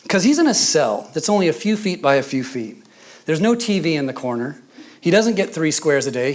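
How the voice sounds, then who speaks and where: A man with a Scottish accent preaching a sermon, mixing scripture with humorous stories and hushed asides. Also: a little high. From Scotland. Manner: storytelling with humor, drops to a whisper for emphasis.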